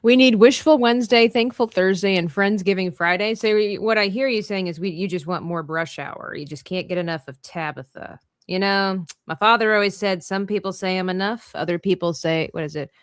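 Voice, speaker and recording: A woman's voice: mid-range voice, fairly quick, few pauses, no room sound, clean studio sound. A woman hosting a casual live drawing stream, chatting and laughing as she works. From Canada. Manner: chatty, laughs often, animated delivery. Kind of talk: casual chat while drawing.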